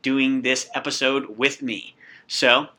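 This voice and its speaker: A man hosting a Japanese lesson podcast, explaining grammar step by step with lively energy. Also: medium pitch, slow. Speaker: podcast host and Japanese teacher. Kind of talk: upbeat language lesson podcast.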